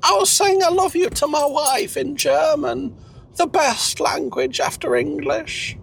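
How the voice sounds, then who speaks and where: A man voicing a doddering elderly husband with a high, warbling voice and shouty outbursts. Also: sing-song, unhurried, gravelly, heavily acted. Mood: flustered. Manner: high warbling, shouty bursts, mangled French.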